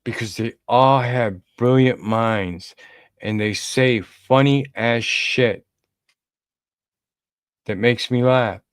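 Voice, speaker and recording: A man's voice: medium pitch, slow pace, pauses often, clean tone, no room sound. A man co-hosting a podcast in casual talk, emphatic and repeating his key lines. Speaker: podcast co-host.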